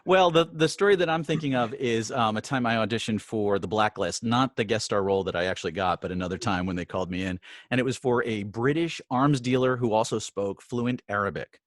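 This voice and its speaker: A man co-hosting a film festival podcast, chatting casually and telling stories with animated, laughing energy. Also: on the low side, a little fast, no echo, clean studio sound. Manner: animated storyteller, laughs easily. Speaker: podcast co-host. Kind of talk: casual chat.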